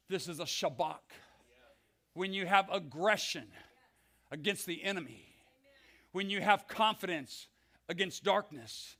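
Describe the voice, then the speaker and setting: An older man preaching a passionate sermon in a church, swinging from hushed lines to shouts. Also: sits high. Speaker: pastor. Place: church sanctuary.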